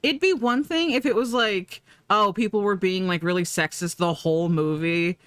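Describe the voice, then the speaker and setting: Woman streamer, rambling and profane, mid-pitched, dry recording. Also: moderate pace, a bit bright, clear, resonant tone, dry recording. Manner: rambling, profane, laughing often. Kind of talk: casual chat.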